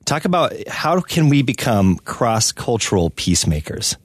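A man interviewing an author, asking a question quickly with halting restarts. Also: medium pitch, big pitch swings, breathy edge, dry recording.

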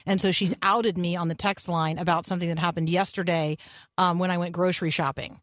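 A woman's voice: on the low side, little pitch movement, a little fast, fairly bright tone, no echo. A woman radio host telling a story in casual talk, acting out the voices of the people she quotes.

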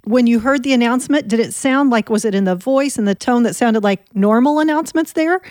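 A woman's voice: on the high side, brisk, darkish tone, dry recording, clean studio sound. A woman host interviewing a guest and closing with thanks, giving brief encouraging responses.

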